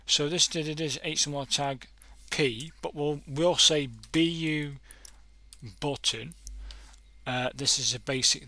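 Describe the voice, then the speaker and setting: A man's voice: a little high, fairly even intonation, slow, pushed and bright. A man hosting a casual coding tutorial, thinking aloud and correcting himself as he clicks through examples. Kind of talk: casual screen-recorded tutorial.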